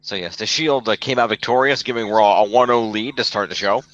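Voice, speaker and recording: A man's voice: fairly low pitch, a little fast, a bit bright, muffled recording. A man co-hosting a casual podcast, recapping wrestling matches in order with a few fillers. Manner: recaps results, fillers and restarts. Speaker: podcast co-host.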